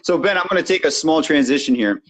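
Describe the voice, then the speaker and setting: A man hosting a podcast, prompting his guests for stories in a relaxed way. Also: fairly high pitch, fast. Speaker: podcast host. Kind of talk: casual interview.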